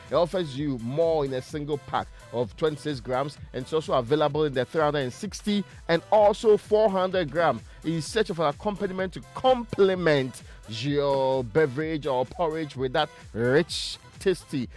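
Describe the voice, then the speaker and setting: A man's voice: fairly high pitch, darkish tone. A man with a Ghanaian English accent presenting a live radio advert in a playful, chatty way. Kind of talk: reading a live on-air advert.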